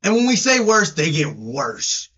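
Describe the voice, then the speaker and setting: A man with a deep Southern accent, co-hosting a casual sports podcast, brash and teasing, stretching words for emphasis. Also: sing-song, a little slow, pushed and bright. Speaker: podcast co-host. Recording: dull lo-fi sound.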